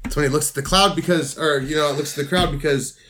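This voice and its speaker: A man's voice: fairly high pitch, steady tone, fast, bright, forceful tone, a little hiss or hum. A young man co-hosting a podcast, riffing with crude jokes and frequent laughter. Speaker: podcast co-host. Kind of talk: casual comedic commentary.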